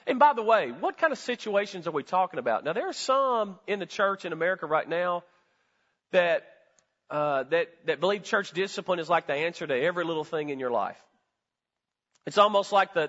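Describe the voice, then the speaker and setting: A man's voice: high voice, a bit bright, long reverb tail, dull audio. A male pastor giving a sermon in a conversational, folksy way, often putting questions to the congregation. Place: church sanctuary.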